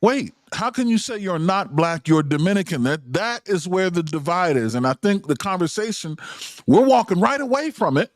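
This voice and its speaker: A man's voice: high voice, animated, normal speed, no room sound, clean studio sound. A man hosting a livestream panel discussion, insistent and lecturing, often cutting others off.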